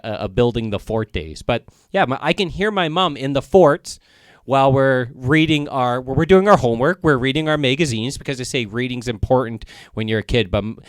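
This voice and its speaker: A man's voice: mid-range voice, dry recording. A man co-hosting a podcast, chatting casually and teasing his partner with joking stories. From Northern Ontario, Canada. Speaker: podcast co-host. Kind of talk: casual chat.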